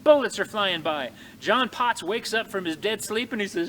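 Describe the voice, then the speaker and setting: A man telling a frontier tale in a folksy, animated way, speaking to his audience outdoors in snowy woods. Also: sits high, moderate pace, slight background noise. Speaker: living history storyteller. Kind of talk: folksy oral storytelling.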